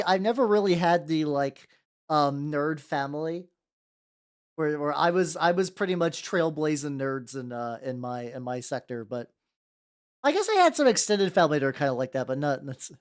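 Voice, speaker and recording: A VTuber streamer chatting casually while painting miniatures, rambling and greeting viewers by name with casual swearing. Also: medium pitch. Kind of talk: casual livestream chat.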